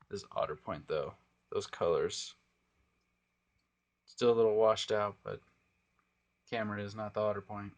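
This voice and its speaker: A young man giving a casual, rambling tour of his home aquariums while filming on a phone. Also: fairly low pitch. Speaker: aquarium hobbyist vlogger. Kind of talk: casual tank tour walkthrough. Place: indoor home room full of aquariums. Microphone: phone camera held by the speaker.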